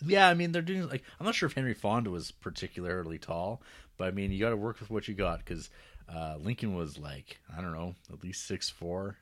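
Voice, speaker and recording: A man's voice: deep voice, lively intonation, brisk, fairly bright tone. A man co-hosting a casual comedic movie recap, laughing often and slipping into mock folksy voices. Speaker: podcast co-host.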